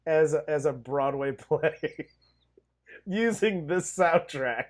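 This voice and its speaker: A man's voice: fairly high pitch, takes it slowly. A man co-hosting a movie review podcast in casual chat, joking and laughing often.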